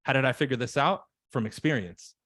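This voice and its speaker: A man's voice: mid-range voice, a bit bright, no room sound. Guy coaching sales calls, punchy and emphatic, dry sound. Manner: emphatic, acts out callers in quick voices. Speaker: real estate coach. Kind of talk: casual podcast chat.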